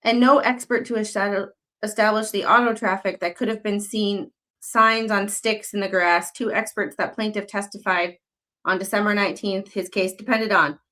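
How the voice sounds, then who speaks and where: A woman's voice: steady tone, moderate pace, pushed and bright. Sarcastic woman ranting about a court case. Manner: sarcastic, blunt, swears freely; big jumps in pitch when exasperated. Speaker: commentary channel host. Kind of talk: casual commentary reading and reacting to a court filing.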